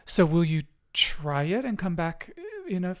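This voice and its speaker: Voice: medium pitch, animated, measured pace. Podcast host, super encouraging and affirming, emotive, chatty. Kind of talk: casual podcast chat.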